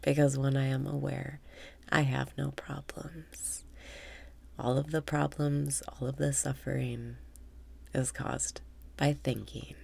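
Woman guiding a meditation, super low gravelly voice, half whispering calmly. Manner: calm, slow, often half-whispered breath cues. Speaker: meditation guide. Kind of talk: guided meditation.

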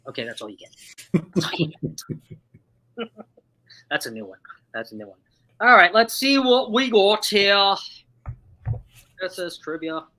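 A woman's voice: mid-range voice, sharp tone, low-quality recording. A woman hosting a live stream trivia game in a chatty, upbeat way, laughing often as she reads out chat replies. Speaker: livestream host running a trivia game.

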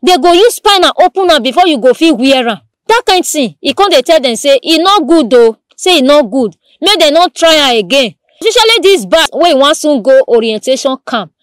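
A woman news presenter speaking with a Nigerian Pidgin accent, telling the day's stories in a lively, repetitive storytelling way with exclamations. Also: high-pitched, brisk, few pauses, no echo, studio quality. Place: studio.

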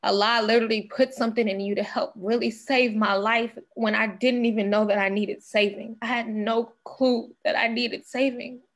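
A woman's voice: on the high side, fairly even intonation, normal speed, few pauses. A young woman speaking as a podcast guest, sharing an earnest personal testimony and fighting back tears.

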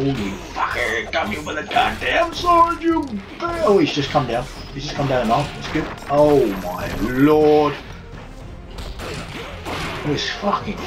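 A man commentating his own video game play, swearing constantly through frustrated outbursts. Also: medium pitch. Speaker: gamer. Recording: distant mic with loud game music.

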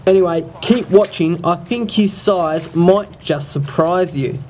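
A man's voice: high-pitched, measured pace, a little mellow, a little hiss or hum. An Australian man narrating a voice-over in a teasing, playful way. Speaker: narrator, host.

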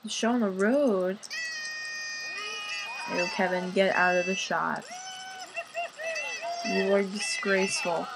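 A woman's voice: mid-range voice, fairly even intonation, slow, vocal fry, long pauses, background noise. A young woman casually commenting on her life-sim gameplay in a chatty, playful way. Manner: chatty, playful, sighing over game moments. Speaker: gaming channel host.

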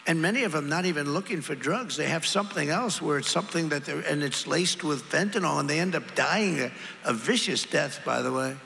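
An older man delivers a rambling campaign speech, repeating his lines and riffing with the crowd. His voice is bright and gravelly. A long reverb and a crowd with a low hum fill the background. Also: brisk. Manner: rambling, repetitive, ad-libbing to the crowd. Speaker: politician at a campaign rally. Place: large arena rally.

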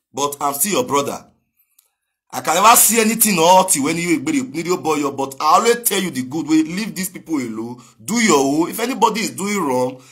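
A man with a husky voice delivering a direct video message, switching between pleading and heated shouting. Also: high voice. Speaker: speaker addressing a rival.

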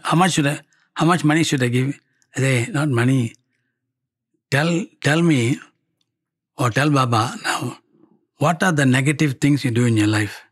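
A man with a Malaysian English accent telling a personal story to a gathering, halting and repeating words as he acts out the dialogue. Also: medium pitch, breathy edge. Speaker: speaker at a devotional gathering.

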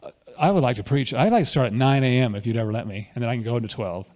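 A man's voice: medium pitch, racing, darkish tone. A man preaching a conversational sermon at a church fellowship, often asking the congregation questions.

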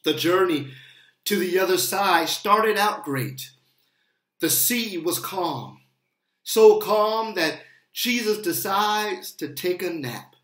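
A pastor preaching a sermon in a slow, emphatic style, with appeals that build and rise. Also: mid-range voice, lively intonation, fairly bright tone. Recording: roomy echo.

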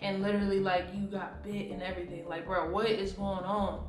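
A woman hosting a prank call, talking fast and agitated in slang-heavy casual speech. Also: medium pitch, little pitch movement, roomy sound. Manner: agitated, rapid slang-filled talk. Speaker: prank video host.

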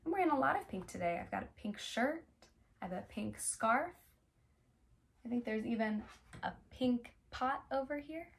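High-voiced woman teaching toddlers music. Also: expressive, normal speed, gravelly. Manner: gentle, playful, talks straight to small children with many questions. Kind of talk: guided toddler music class.

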